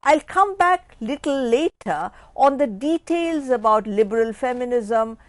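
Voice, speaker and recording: A woman delivers an academic lecture in a fairly high voice, recorded dry and close. She talks in a measured way, rephrasing her ideas and lifting key words before her voice drops away at the ends of phrases. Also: lively intonation, no echo. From India. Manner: measured, restates points, rising emphasis then dropping off.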